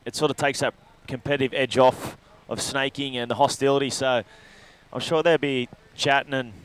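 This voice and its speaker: A man's voice: medium pitch, fairly even intonation, normal speed, a bit bright, a little hiss or hum. A man giving loose, rambling live commentary on a surf contest, breaking down each ride. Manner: loose, rambling analysis with fillers.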